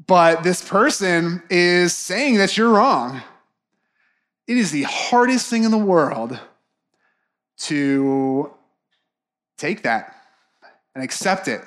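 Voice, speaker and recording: A young man with a notably high voice preaches in a relaxed, conversational way. He slips into little acted-out voices to play people's reactions. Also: slow, pauses often. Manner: casual, animated, acts out quoted reactions. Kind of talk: sermon.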